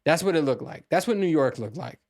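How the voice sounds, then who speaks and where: A man's voice: on the high side, lively intonation, brisk, a little mellow. A man hosting a casual solo podcast monologue, rambling with restarts and frequent swearing. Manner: profane, rambling, with many restarts. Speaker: podcast host.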